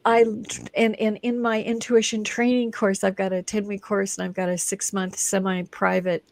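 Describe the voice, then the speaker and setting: A woman with a gravelly, medium-pitched voice speaks at a moderate pace as a talk-show guest in a broadcast studio. An energy and intuition instructor, she chats casually, tells animated stories, acts out quotes, and laughs often.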